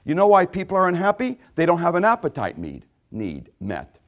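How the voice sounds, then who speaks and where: Male pastor, slightly high voice, emphatic sermon delivery. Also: huge pitch swings, fairly quick. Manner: emphatic preaching with repetitions and quoted voices.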